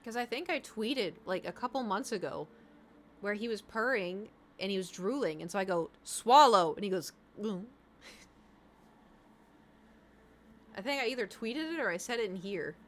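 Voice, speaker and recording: A woman's voice: medium pitch, lively intonation, measured pace, pauses often, a little hiss or hum. A woman streamer chatting casually, telling rambling stories and talking to her cat.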